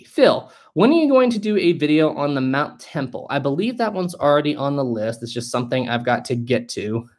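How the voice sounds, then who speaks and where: A man from West Virginia with a mild West Virginian accent, hosting a casual live-stream chat and answering viewer questions. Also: fairly high pitch. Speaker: history channel host.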